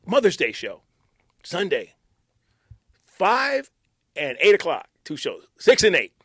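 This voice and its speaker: Animated male radio storyteller, dry sound. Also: high voice, takes it slowly, husky, no room sound. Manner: animated storyteller, acts out quotes, drops to near-whisper. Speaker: radio DJ recalling station stories. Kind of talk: casual storytelling chat.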